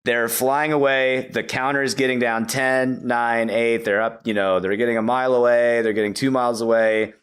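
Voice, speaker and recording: A podcast guest with a clean, mid-range voice eagerly retells a movie plot at a moderate pace, hardly pausing. His storytelling is casual and animated, sprinkled with lots of "like" and "you know."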